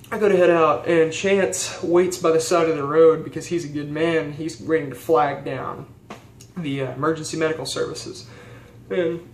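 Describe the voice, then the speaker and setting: A young man and theology student telling a story in a casual vlog, earnest and rambling with fillers and restarts. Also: a little high. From rural United States. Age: young adult. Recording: echoey room with faint background hiss.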